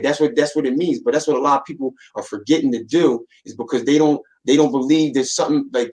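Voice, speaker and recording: A man hosting a casual chat, talking in animated street slang with lots of repeats. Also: mid-range voice, low-quality recording. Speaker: host. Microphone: desk mic.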